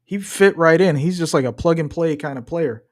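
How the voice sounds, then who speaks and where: Streaming himself watching a football match, a young man jokes around and trash-talks in a loose, casual way. His voice sits fairly high and moves at a moderate pace.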